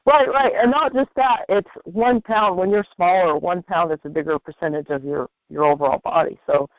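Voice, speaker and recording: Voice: mid-range voice, moderate pace, dry recording. A host in a casual interview, talking in an encouraging, conversational way and often repeating points. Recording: dull lo-fi dry line.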